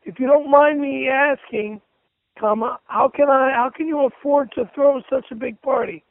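A man's voice: very high-pitched, steady tone, moderate pace, gravelly, no room sound, narrow, tinny audio. A man ranting furiously and cursing while reading messages aloud, punctuation and all.

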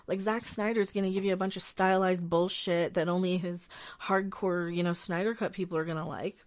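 A woman's voice: on the low side, steady tone, brisk. A young woman hosting a casual livestream, ranting with lots of profanity, exasperated, and reading viewer chat aloud. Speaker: livestream host.

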